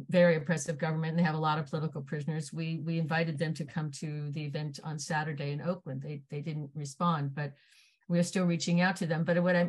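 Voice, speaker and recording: Brief: a woman with a lowish voice, earnest and hesitant, chairing an online meeting. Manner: earnest, hesitant, laughs lightly. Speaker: meeting host.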